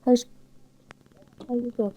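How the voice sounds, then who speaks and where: A woman's voice: slow pace, dark tone, rough recording. An older woman with a Cornish accent, chatting in an interview and giving emphatic opinions. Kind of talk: casual conversation.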